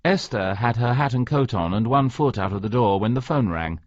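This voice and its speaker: A man narrating an audiobook in expressive scripted storytelling. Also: mid-range voice, moderate pace, dry recording. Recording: dry, slightly dull audio.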